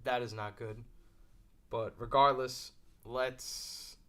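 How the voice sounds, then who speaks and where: A man hosting casual fantasy football commentary, thinking aloud with fillers and quick asides while drafting at his computer. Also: mid-range voice, steady tone, a bit bright. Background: mouse clicking.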